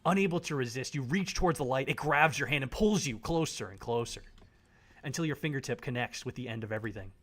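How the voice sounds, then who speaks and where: A man streaming live, reading a visual novel aloud in a dramatic, animated way and laughing often. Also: medium pitch, quick pace. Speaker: game streamer.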